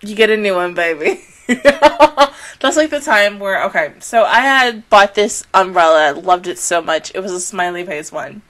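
A woman in her late twenties talking casually as an anime reaction host, slangy and animated, laughing often and swinging between loud squeals and soft murmurs. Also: medium pitch, unhurried.

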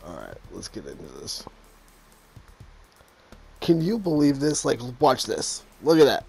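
A man in his thirties commentating his own football video game, swinging from muttered asides to loud, exasperated, swearing outbursts. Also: sits low, animated, slow pace, gravelly, pauses often, faint music behind. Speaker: gaming YouTuber playing a football video game. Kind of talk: casual live gameplay commentary.

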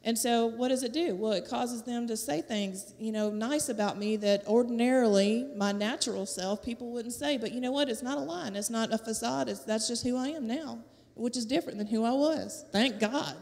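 A Southern woman, a teacher, gives a lively testimony in a church sanctuary, laughing often and acting out quotes. Her voice sits on the high side at a normal speed, and the hall is echoey.

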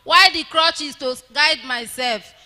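Slow-spoken Nigerian woman, short answers. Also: high voice, sharp tone, in a large hall. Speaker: testifier at church. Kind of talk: church testimony.

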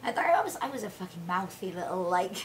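A woman, chatting casually as a guest and telling animated stories with frequent laughter. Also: fairly low pitch, fairly quick, a little hiss or hum, low-quality recording. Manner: animated storyteller, laughs often. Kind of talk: casual chat.

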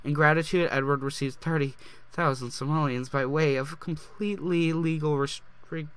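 Brief: excitable young male gamer reading game text aloud, bright tone. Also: on the high side, normal speed, smooth. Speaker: gaming YouTuber. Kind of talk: let's play commentary.

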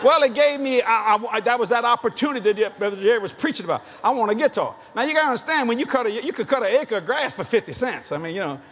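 A man's voice: extremely high pitch, animated, fast talker, few pauses, fairly bright tone. A male preacher with a Cajun Louisiana accent, telling folksy, joking stories in a sermon and laughing often. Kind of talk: sermon storytelling.

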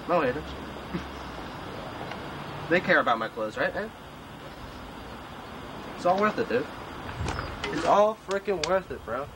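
A clothing designer in a comic mock-documentary, delivering a rambling, profane rant outdoors by his tent, calling everyone "man" and "bro". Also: on the high side. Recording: noisy outdoor recording.

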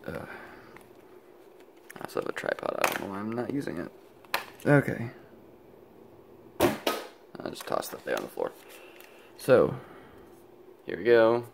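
A man's voice: lowish voice, wildly swooping pitch, a little slow, creaky, long pauses, very noisy. A young man rambling casually about his electronics build, sleepy and often stopping himself mid-thought, recorded on a handheld camera at home. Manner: rambling, self-interrupting, sleepy and yawning. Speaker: electronics hobbyist vlogger. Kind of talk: rambling casual show-and-tell.

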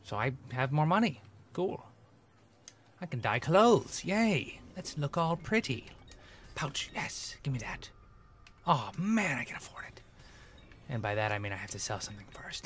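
A man's voice: mid-range voice, sing-song, measured pace, pauses often, slight background noise. A man giving gameplay commentary, grumbling and sarcastic as he talks to his audience. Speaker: let's play gamer.

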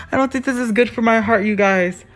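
Frightened shrieks and repeated exclamations mark this live horror-game commentary from a jumpy, sassy gamer who talks back to the villain. Their medium-pitched voice has a fairly bright tone.

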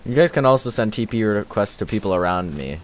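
A man streaming a game live, chatting casually with a slightly raspy voice and thanking viewers as he plays. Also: fairly low pitch, lively intonation, fast, a little hiss or hum. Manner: chatty, thanks viewers, repeats filler words. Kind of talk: casual livestream commentary while playing.

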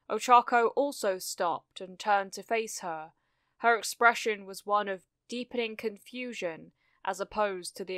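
Woman reading fan fiction out loud, steady measured narration, smooth clear voice, dry close mic. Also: mid-range voice, no echo. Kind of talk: scripted narration.

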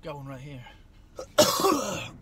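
A man's voice: a little high, big pitch swings, brisk, crowd noise. A man doing a goofy, sarcastic snack taste-test vlog, often slipping into silly bits. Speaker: vlogger.

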